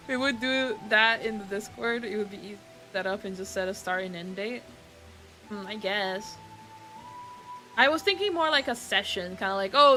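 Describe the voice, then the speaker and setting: A woman's voice: medium pitch, bright, forceful tone. A woman, a Portuguese speaker, chatting casually on her stream and laughing often. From Brazil. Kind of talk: casual chat.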